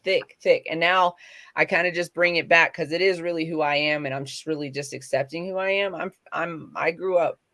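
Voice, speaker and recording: A woman's voice: low-pitched, steady tone, a little fast, fairly bright tone. A middle-aged woman co-hosting a casual chat, rambling and correcting herself as she talks. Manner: chatty, rambling, self-correcting. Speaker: co-host.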